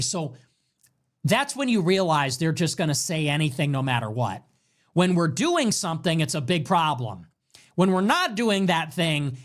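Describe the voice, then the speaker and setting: A man hosting a political livestream in a casual, mocking rant, mimicking his critics. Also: high-pitched. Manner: mocking, quotes critics in exaggerated voices. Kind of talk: casual ranting commentary.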